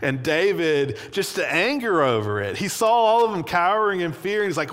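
A man preaching a sermon in a relaxed, conversational way, with plenty of casual fillers. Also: high-pitched, moderate pace, hardly any pauses. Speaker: pastor. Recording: long hall reverb.

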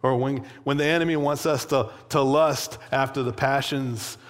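A man preaching a sermon in a relaxed, conversational way, with plenty of casual fillers. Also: medium pitch, normal speed. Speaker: pastor. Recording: long hall reverb.

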